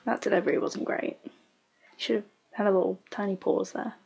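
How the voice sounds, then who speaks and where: A woman's voice: mid-range voice, steady tone, a little fast, gravelly, darkish tone, slightly rough. A woman giving casual reaction commentary on a show, blunt and sarcastic, swearing freely. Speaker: show reviewer.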